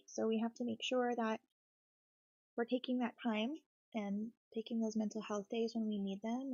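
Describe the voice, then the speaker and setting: A woman with a fairly high voice and a gravelly fry talks softly and reassuringly as she works on a craft kit. She sits close to the mic, and the sound is dry and a little dull. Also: no room sound. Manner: soft-spoken, reassuring, gentle. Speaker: craft streamer. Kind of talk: cozy casual chat while building.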